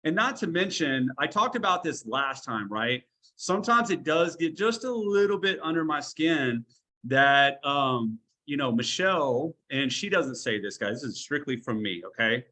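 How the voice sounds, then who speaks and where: A man's voice: a little high, sing-song, moderate pace, sharp tone. A man giving a motivational training talk over a video call, blunt and talkative, with a tough-love coaching manner. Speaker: online business trainer.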